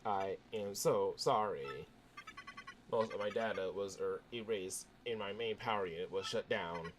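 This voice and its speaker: A man voicing a polite fortress computer that speaks slowly and formally. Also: lowish voice, noisy background, voice pushed down, natural voice. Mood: solemn. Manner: slow, flat and formal. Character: deep-voiced computer mind, calm, polite.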